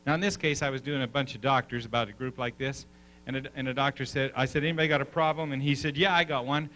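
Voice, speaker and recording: A man leading a live seminar, an animated storyteller who coaxes the audience with questions. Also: medium pitch, quick pace, a little hiss or hum, rough recording. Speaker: seminar speaker.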